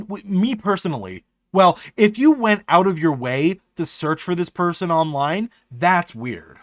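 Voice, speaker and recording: A man's voice: high-pitched, lively intonation, measured pace, few pauses, dry recording, clean studio sound. Swearing, rambling male streamer. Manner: rambling, swears a lot, frequent restarts. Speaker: live streamer. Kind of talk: casual live-stream chat.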